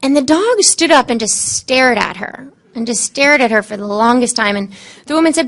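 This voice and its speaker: A woman on a panel telling stories from her work as an animal communicator, acting out what the animals and people said. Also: high voice. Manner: lively, quotes animals and people in changing tones; halting, frequent fillers and restarts. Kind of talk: storytelling on a panel.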